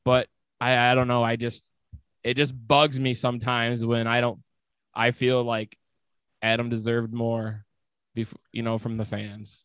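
A man's voice: mid-range voice, level tone, measured pace, a bit bright, clear, resonant tone, no echo. A man hosting a casual interview, speaking in a supportive, hesitant way that often trails off.

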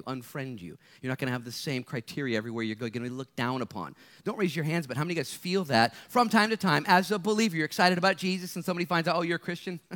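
A man preaching a sermon as a pastor to students, acting out quotes and swinging between loud bursts and quiet intensity. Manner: animated, acts out quotes with big pitch jumps, drops to quiet intensity.

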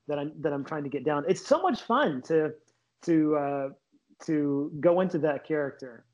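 A man's voice: a little high, animated, normal speed. A man, a comedian, talking casually and enthusiastically in an interview. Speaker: comedian guest. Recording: dull lo-fi sound.

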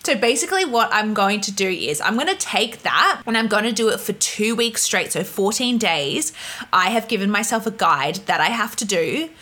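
A young woman tells casual stories to camera at normal speed in a medium-pitched voice, lively and laughing, acting out each person's voice. The audio comes from a laptop mic, with the machine's fan humming behind.

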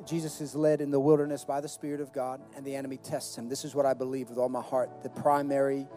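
A man's voice: mid-range voice, little pitch movement, fast, warm tone, soft background music. A male pastor preaching a sermon in a conversational way, with stammered restarts and acted-out quotes.

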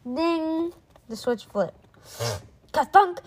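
A woman reading a children's chapter book aloud in a lively way, doing voices for the characters. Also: extremely high pitch, extremely slow, low-quality recording. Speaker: reader.

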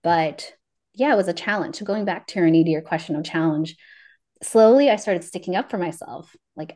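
A woman's voice: lowish voice, normal speed. A woman guest on a podcast telling her life story in casual conversation, acting out the voices of people she remembers and laughing often. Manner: lively, acts out remembered dialogue; laughs often mid-sentence.

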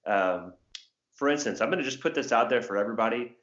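A man's voice: medium pitch, expressive, fast, a bit bright. A man in his thirties from Southern Indiana, chatting casually and rambling with plenty of filler words. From Southern Indiana, USA. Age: 30s. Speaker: guest, former English teacher. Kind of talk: casual conversation. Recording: roomy, slightly dull sound.

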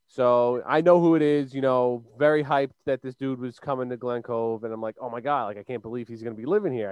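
On a laid-back chat show, a young Long Island, New York man co-hosts and wanders through a story packed with fillers and false starts. His medium-pitched voice sounds smooth and darkish. The recording is dry, with the highs cut off.

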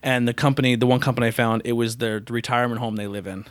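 A man's voice: medium pitch, steady tone, fast talker, no room sound. A man hosting a casual interview podcast, joking and acting out quotes in silly voices. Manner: jokey, acts out quotes in put-on voices. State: out of breath. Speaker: podcast host.

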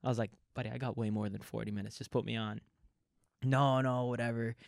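A man's voice: medium pitch, steady tone, brisk, vocal fry, no echo, clean studio sound. A man, a comedian and podcast guest, telling casual stories full of swearing and laughter, acting out both sides of conversations. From Canada. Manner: profane, laughing, acts out both sides of dialogue. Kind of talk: casual storytelling chat.

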